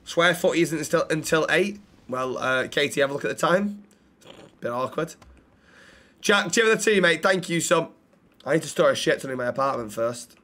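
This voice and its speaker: A man streaming a role-play game, swearing constantly and rattling off quick thanks to viewers. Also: a little high, animated, fairly bright tone. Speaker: livestreamer. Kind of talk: live gameplay commentary and role-play.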